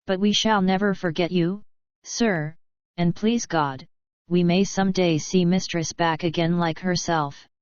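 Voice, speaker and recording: A woman's voice: fairly low pitch, steady tone, a little slow, clean tone, no echo, close to an everyday voice. A woman reading the lines of a loyal, humble older male coachman in an audiobook, earnest and respectful. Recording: slightly muffled, dry close mic.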